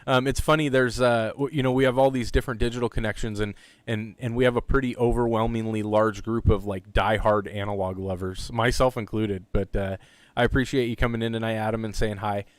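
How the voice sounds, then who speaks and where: A man hosting an amateur radio net in easygoing casual chat, chuckling often and filling pauses with ums and uhs. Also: on the low side, flat delivery, no echo.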